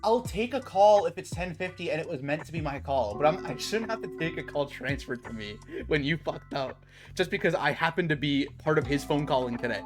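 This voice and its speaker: A man's voice: on the high side, lively intonation, a little fast, music in the background. A young adult man streaming, telling a work story in casual chat, swearing and saying bro a lot.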